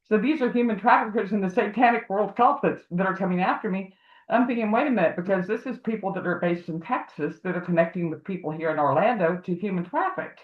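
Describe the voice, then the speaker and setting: A woman's voice: mid-range voice, quick pace. A woman guest telling a long story in casual livestream talk, rambling and acting out the voices of the people she quotes. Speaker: guest, advocate for harassment victims. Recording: tinny phone-like echoey audio.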